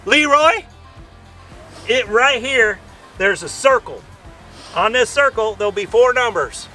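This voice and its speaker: Man, high-pitched, folksy joking vlog host, outdoors, heard from a distance. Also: animated, measured pace, long pauses, sharp tone, soft background music. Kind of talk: casual outdoor demo vlog. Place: outdoors by a vehicle.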